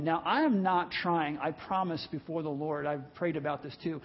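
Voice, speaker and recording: A male pastor preaching a sermon in a church service, telling a story in an animated way and acting out the voices in it. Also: fairly high pitch, a little fast, hardly any pauses, husky, dull audio.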